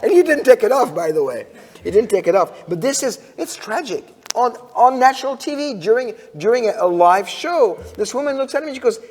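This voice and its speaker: Male conference speaker in a church, animated storyteller, slightly high voice, long hall reverb. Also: brisk. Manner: animated storyteller, frequent restarts, asks audience questions. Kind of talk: sermon-style conference talk. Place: church sanctuary.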